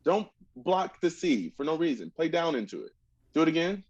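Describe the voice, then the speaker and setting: A man's voice: on the high side, sing-song, moderate pace, darkish tone, highs cut off. A man coaching a student in a masterclass, singing phrases to demonstrate, exacting and encouraging. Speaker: oboe teacher.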